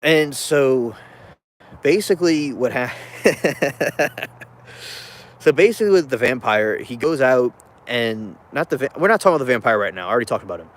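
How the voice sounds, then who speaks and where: A man at an ordinary middle pitch, talking loosely as a vlogger. He rambles, restarts his sentences and drops chuckling asides as he rants about a film. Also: expressive, normal speed, pauses often. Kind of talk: casual rambling rant.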